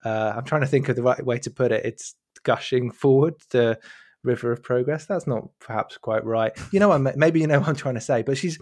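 A man's voice: medium pitch, a little fast, a little mellow, no room sound. Man thinking aloud on a podcast, dry sound. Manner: searching for words, many restarts. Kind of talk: casual podcast discussion.

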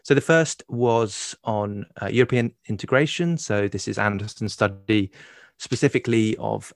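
A man co-hosting a podcast from home, introducing the topic in a hesitant way with many pauses and restarts and some dry humor. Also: lowish voice, vocal fry, no room sound. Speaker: podcast co-host. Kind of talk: casual podcast discussion. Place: home in London.

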